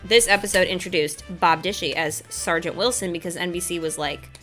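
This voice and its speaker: A woman hosting a casual chat, animated and enthusiastic, often laughing as she talks. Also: fairly low pitch, brisk, faint music behind. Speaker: host.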